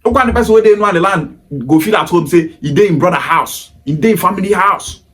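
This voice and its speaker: A man's voice: high-pitched, fast talker, a bit bright. A Nigerian man with a Pidgin-inflected English accent, delivering an emphatic, repetitive opinion monologue in a lecturing tone. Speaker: commentator.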